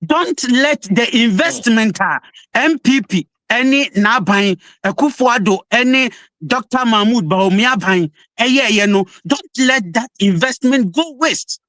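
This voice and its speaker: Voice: mid-range voice, lively intonation, measured pace, fairly bright tone, no echo. Ghanaian accent, opposition spokesperson, heated debate, emphatic, insistent, code-switching, dry close sound. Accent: Ghanaian English.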